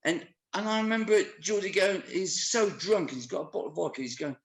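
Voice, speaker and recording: A man telling wild anecdotes in a casual conversation, animated and swearing freely. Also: high-pitched, brisk, echoey room. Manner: animated storyteller who swears often. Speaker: musician guest.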